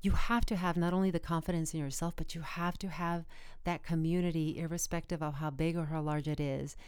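A woman's voice: deep voice, steady tone, brisk, darkish tone, clear, resonant tone, no echo, clean studio sound. A woman speaking earnestly as a podcast guest, encouraging listeners. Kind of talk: motivational podcast conversation.

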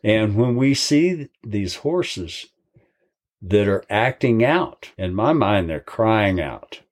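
A man's voice: on the low side, sing-song, slow. An older man and horse trainer, telling a long, folksy story in an interview.

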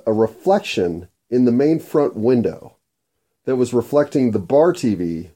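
A man with a mellow, relaxed tone rambles through a casual monologue over his meal. He swears freely and drifts from one thought to the next at a middling pitch. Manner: profane, rambling and food-obsessed. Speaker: vlogger.

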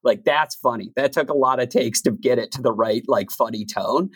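A man's voice: mid-range voice, normal speed, slightly rough, faint music behind. A man reflects casually on his own work in an interview, filling his speech with "like". The sound is close and dry, with no room echo. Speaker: podcast host and narrator. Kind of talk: interview conversation.

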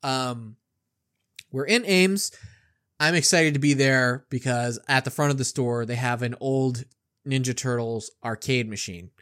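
A middle-aged man co-hosting a podcast, telling a childhood story in a casual, animated way and acting out the quotes. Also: mid-range voice, a little slow. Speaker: podcast co-host.

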